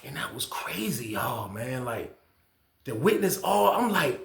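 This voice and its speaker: A man telling a prison story in casual slang, acting out the people he quotes with loud shouts. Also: mid-range voice, big pitch swings, unhurried, gravelly, roomy sound.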